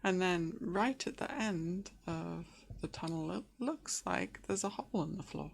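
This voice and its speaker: Woman game master, low-ish gravelly voice, unhurried, halting with lots of ums. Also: expressive, slight background noise. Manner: hesitant, many fillers and restarts. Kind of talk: narrating a tabletop game.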